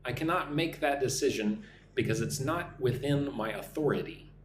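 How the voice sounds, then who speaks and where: A man teaching English on a live stream, drilling pronunciation slowly and deliberately and thanking viewers by name. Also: mid-range voice. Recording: roomy echo with faint hum.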